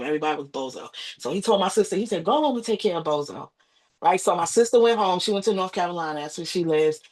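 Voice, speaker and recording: Woman telling an emotional family story. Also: fairly low pitch. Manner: animated retelling with acted quotes and repetition. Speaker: podcast guest.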